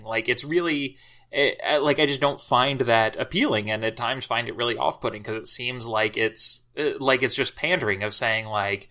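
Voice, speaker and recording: Man, podcast guest, reflective, halting delivery, bright clear tone. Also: mid-range voice, lively intonation. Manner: hesitant, lots of filler words, reflective. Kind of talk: casual discussion.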